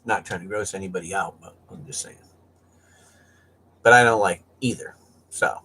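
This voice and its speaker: A man's voice: deep voice, normal speed, pushed and bright, breathy edge. A man chatting casually and rambling on a livestream, joking and laughing often. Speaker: livestream host.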